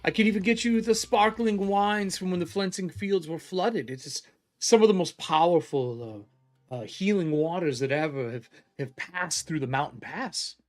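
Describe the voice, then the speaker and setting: A man's voice: high voice, moderate pace, close to an everyday voice. Man doing a secretive old historian. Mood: probing. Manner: polite but guarded, presses with questions.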